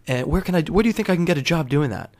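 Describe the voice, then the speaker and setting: A man's voice: fairly high pitch, expressive, very fast, pitched above the performer's own voice. A man voicing a pushy male stranger who keeps pleading for work and bus money. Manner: imploring, insistent.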